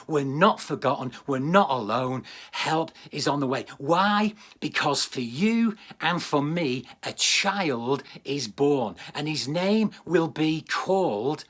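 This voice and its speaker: Man, pastor, husky voice, slightly high pitch, earnest sermon delivery, repeats words for emphasis. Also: a bit bright. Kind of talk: livestreamed sermon.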